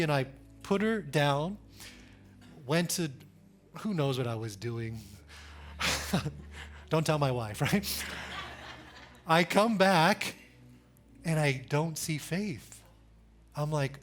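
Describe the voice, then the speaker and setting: A pastor in his thirties preaching a sermon in church, speaking with slow emphasis, repeating phrases and building to urgent calls. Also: a little high, expressive.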